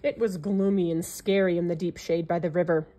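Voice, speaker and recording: A woman reading a classic children's picture book aloud in an expressive storytelling manner. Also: lowish voice, fairly quick.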